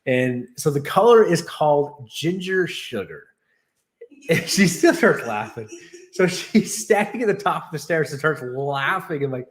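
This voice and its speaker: A man's voice: a little high, lively intonation, a little slow, a little hiss or hum. A man casually chatting on his livestream, rambling and laughing as he tells stories. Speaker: streamer and host. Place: new home in Texas.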